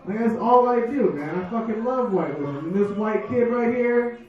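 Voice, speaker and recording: A man's voice: very high voice, lively intonation, normal speed, phone-quality sound. A man doing a live stand-up set on a dive bar stage, with brash, profane crowd work. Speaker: stand-up comedian. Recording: echoey bar room from far off.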